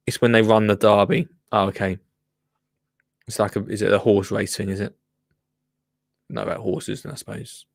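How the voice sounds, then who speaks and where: A man hosting a casual livestream, chatting and joking as he reacts to a gardening show. He often restarts his sentences and coos at his plants in a high, sing-song voice. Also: fairly even intonation, normal speed, creaky, long pauses, no room sound. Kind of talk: casual chat.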